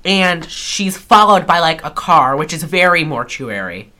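A woman's voice: low voice, very animated, a little slow, pushed and bright. A woman co-hosting a podcast, joking and teasing in a casual movie-recap chat. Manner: joking, teasing, breaks into celebrity impressions. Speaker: podcast co-host.

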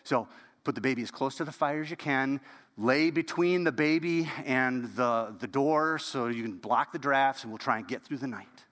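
A man preaching a storytelling sermon as pastor, animated and dropping to a hush at key moments. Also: mid-range voice, moderate pace, big-room sound.

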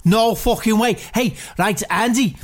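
Doing improvised comedy, a man plays a crude, boastful fake psychic, brash and mock-mystical as he swears freely. His voice sits high and his pace is measured.

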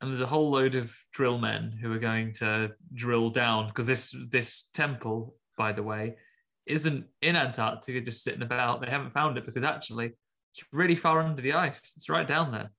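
Brief: male co-host, bright and forceful, sardonic film recap. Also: medium pitch, steady tone, moderate pace. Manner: sardonic, acts out scenes in mocking voices. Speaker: podcast co-host. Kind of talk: casual film chat.

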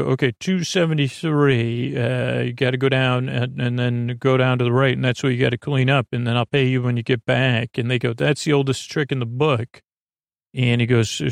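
Guy with a gravelly voice rambling through a story recap, lots of uhs, super dry close sound. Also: mid-range voice, no echo. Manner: loose, meandering, lots of uh fillers. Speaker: podcast host. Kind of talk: rambling episode retelling for sleep.

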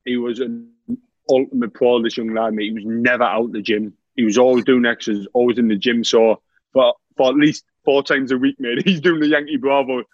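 A man's voice: medium pitch, steady tone, a little fast, dry recording, dull audio. A laughing man telling footballer stories. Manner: laughs a lot while telling anecdotes, says "mate" constantly. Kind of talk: casual storytelling chat.

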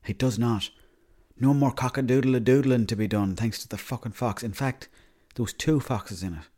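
A young Irishman rambling through a deadpan, sweary comic monologue. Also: medium pitch, normal speed. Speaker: comedy monologuist.

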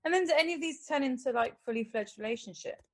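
A woman hosts a casual podcast chat, quizzing and teasing her guests. Her voice sits a little high, and her delivery is animated. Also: quick pace. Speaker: podcast host.

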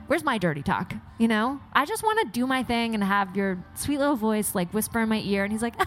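A woman co-hosting a podcast, telling candid stories in an animated, frank way with plenty of swearing. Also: fairly high pitch, fairly quick, hardly any pauses, soft background music. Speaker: podcast co-host. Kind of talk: candid casual chat.

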